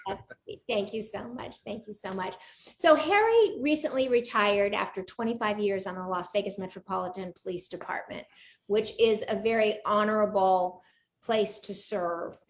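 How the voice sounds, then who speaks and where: A woman's voice: mid-range voice, moderate pace. A woman in her sixties hosting a live online chat show over a video call, bubbly and chatty, laughing often. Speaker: host of a live cooking show interview.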